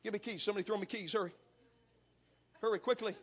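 A middle-aged man preaching a fervent sermon, building to shouts in a chanting cadence. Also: high voice, steady tone, fast, breathy edge. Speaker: pastor. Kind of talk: impassioned sermon.

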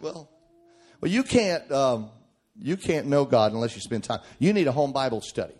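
A middle-aged man preaching a sermon, emphatic and folksy, swinging from shouted points to quiet joking asides. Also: medium pitch, sing-song, moderate pace.

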